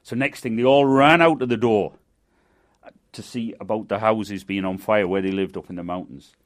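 An older man with a Manchester accent telling a folk tale in a lively, dramatic way. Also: lowish voice, moderate pace. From England. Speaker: storyteller and guide. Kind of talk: folk storytelling.

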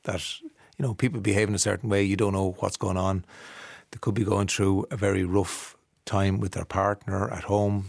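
A middle-aged Irish man hosting a radio show in a relaxed, chatty and amused way, reading out listener messages. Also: deep voice, creaky, breathy edge, dry recording, clean studio sound. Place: radio studio.

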